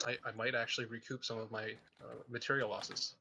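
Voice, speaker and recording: A man's voice: medium pitch, level tone, fairly quick, vocal fry, sharp tone, slight background noise. A man playing a tabletop game in casual chat, chatty and a bit hesitant. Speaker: player.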